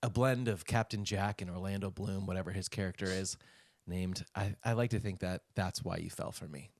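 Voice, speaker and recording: A man co-hosting a podcast who keeps up quick, self-mocking jokes. His voice is recorded close and dry, with no room sound. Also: low-pitched, no echo. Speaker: podcast co-host. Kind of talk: casual chat.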